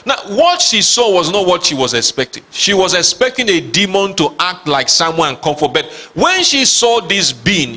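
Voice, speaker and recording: A man's voice: high voice, very animated, moderate pace, sharp tone. A man preaching a sermon as pastor, reading scripture aloud with emphasis and asking his listeners questions. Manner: reads scripture aloud dramatically.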